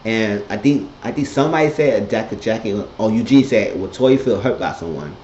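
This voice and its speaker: A man recapping a TV episode in a casual monologue, blunt and profane, telling it with animated energy. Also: fairly low pitch, moderate pace, slight background noise. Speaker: TV episode reviewer. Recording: echoey, dull lo-fi room sound.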